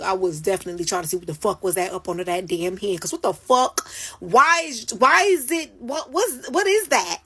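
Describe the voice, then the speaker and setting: A woman's voice: medium pitch, a bit bright, breathy edge. A woman telling a story from her work night in a casual, profane and emphatic way, talking into a phone she holds. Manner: profane, emphatic, dramatic retelling.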